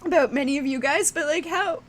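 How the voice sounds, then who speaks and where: A woman's voice: sits high, a little fast. A young woman talking casually to her viewers, teary and laughing, rambling with many restarts. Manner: teary, fighting back tears, laughing often. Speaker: streamer. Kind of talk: casual emotional chat to viewers.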